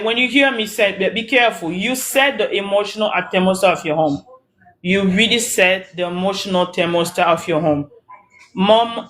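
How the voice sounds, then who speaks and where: A woman's voice: medium pitch, a bit bright. A woman hosting a live talk as a coach for mothers, speaking earnestly and repeating her points, greeting viewers by name. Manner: repetitive, earnest, preachy. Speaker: host and mom coach. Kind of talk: motivational live-stream talk. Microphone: phone, audio-only live.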